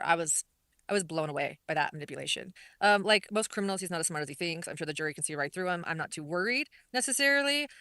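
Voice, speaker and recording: A woman's voice: on the low side, sharp tone, dry recording. A woman commentator recapping a court hearing in an earnest, repetitive way, often restarting her sentences. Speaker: online commentator.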